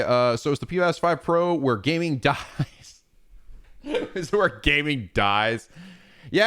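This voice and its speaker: A man streaming games, chatting casually in a rambling, profane and animated way. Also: mid-range voice, clean tone, no echo, clean studio sound. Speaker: game streamer. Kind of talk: casual chat.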